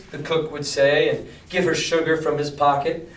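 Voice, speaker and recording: A male teacher reads a novel aloud to his class and breaks off into casual, plain-spoken explanations. His voice sits a little high. It is picked up from across a roomy, echoing classroom. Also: level tone, moderate pace, recorded from a distance, a little hiss or hum. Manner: casual, plain-spoken asides between reading.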